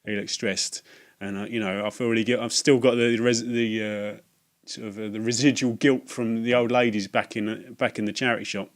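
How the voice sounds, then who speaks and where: Low-voiced guy rambling through a shopping story, lots of restarts, self-mocking. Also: little pitch movement. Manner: rambling, halting, self-mocking, acts out voices in a high falsetto. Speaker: video game collector vlogger. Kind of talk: casual rambling anecdote.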